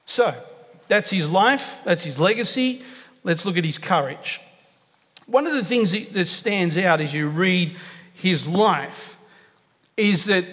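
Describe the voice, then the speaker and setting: High-voiced preacher in a reverberant hall. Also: male voice, fairly bright tone. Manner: earnest, emphatic, repeats key phrases for stress. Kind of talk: sermon. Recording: long reverb of a large hall.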